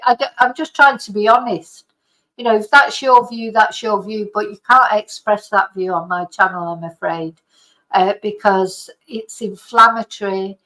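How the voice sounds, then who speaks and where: An indignant middle-aged woman talks straight to her channel's viewers, rambling and restarting as she goes. Her pitch sits in an ordinary middle range. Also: fairly bright tone, low-quality recording. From Britain. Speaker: channel host. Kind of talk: casual opinion monologue.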